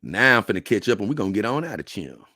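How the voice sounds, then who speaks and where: A man with a lowish but bright, forceful voice, chatting casually to his livestream audience. He reads through long lists at an easy pace and drops in offhand remarks. The sound is close and dry, with no room echo. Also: big pitch swings, fast talker, breathy edge. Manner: reads lists aloud unhurriedly with asides. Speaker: livestream host.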